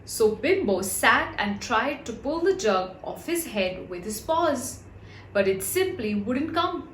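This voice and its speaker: A woman reading a children's storybook aloud, gentle and expressive, with chatty asides to young listeners. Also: a little high, slow, slight background noise. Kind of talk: children's read-aloud narration. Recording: roomy echo.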